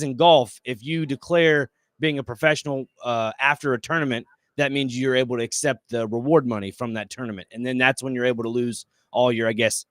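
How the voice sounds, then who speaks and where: A man on a sports radio panel, explaining rules in a hesitant, um-filled way. His pitch is middle and his sound is dry and close. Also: fairly bright tone, dry recording. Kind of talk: casual sports radio banter. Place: radio studio.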